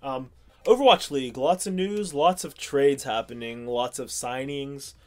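Here the Pittsburgh-area co-host speaks at a measured pace in a mid-range voice. The young man chats casually on the podcast, rambling with frequent ums and false starts.

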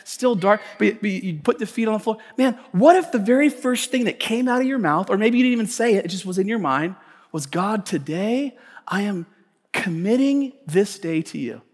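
A man's voice: high-pitched, expressive, brisk. A man pastor preaching a conversational sermon, stumbling over restarts and building to emphatic peaks. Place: church sanctuary. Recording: church hall reverb.

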